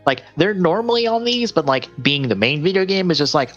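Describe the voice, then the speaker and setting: A man's voice: fairly high pitch, big pitch swings, a little fast, a bit bright, lo-fi sound, faint music behind. A man co-hosting a gaming podcast, chatting casually and reading out game release lists, rambling and correcting himself. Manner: rambling, self-correcting, laughs often. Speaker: podcast co-host.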